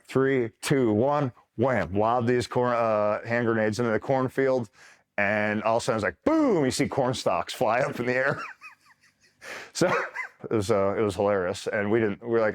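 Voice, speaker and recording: A man, a retired Marine, telling combat stories in a casual, laughing way and acting out what others said. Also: mid-range voice. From New York. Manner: laughing, animated, acts out quotes. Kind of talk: casual storytelling.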